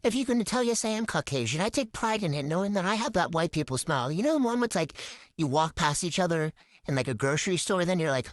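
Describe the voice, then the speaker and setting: Young woman doing a deadpan funny q&a, bouncy pitch, dry close sound. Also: fast, no echo. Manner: deadpan, absurd jokes, lively pitch swings. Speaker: vlogger. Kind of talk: casual comedic Q&A monologue.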